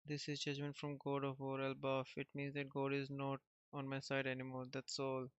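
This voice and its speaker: A man reading a comic aloud and adding short remarks, in a flat, even voice. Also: medium pitch, moderate pace, clear, resonant tone, dry recording. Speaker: manga reader. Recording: dull lo-fi recording.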